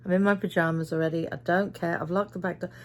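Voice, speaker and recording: This woman speaks fast in a low, steady tone, with slight background noise behind her. Middle-aged, British and worn out, she vlogs about her day, telling it chattily and performing the voices of the people she quotes.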